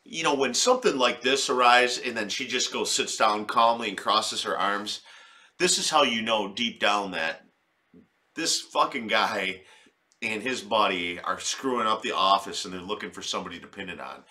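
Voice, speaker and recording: A man's voice: fairly low pitch, normal speed, bright, forceful tone. A man doing comic reaction commentary in a crude, rambling, profane way. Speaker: video commentator.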